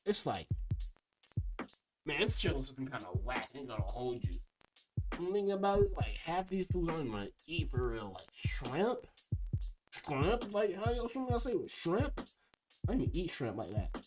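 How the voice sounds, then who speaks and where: A man's voice: fairly high pitch, big pitch swings, moderate pace, pauses often. Rambling young man over background music. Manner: rambling, trailing off and restarting. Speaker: video creator ranking food. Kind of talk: casual commentary. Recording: music playing behind.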